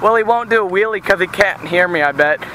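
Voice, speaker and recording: A goofy young man with a high voice rambles and jokes as he walks along a busy road with a handheld camera. Traffic noise comes through clearly on the camera's built-in mic. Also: fast, poor audio. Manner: goofy, rambling, yelling at passing cars. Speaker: vlogger. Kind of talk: joking walk-and-talk vlog. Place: outdoors beside a busy road. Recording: outdoor camera audio with loud traffic. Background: passing traffic.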